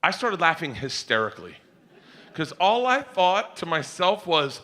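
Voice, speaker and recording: A middle-aged man telling wild comic stories in a loud, rowdy way, often laughing and acting out other people's voices. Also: on the high side, very animated, normal speed, long pauses, background noise. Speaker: comedian. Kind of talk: stand-up and podcast storytelling.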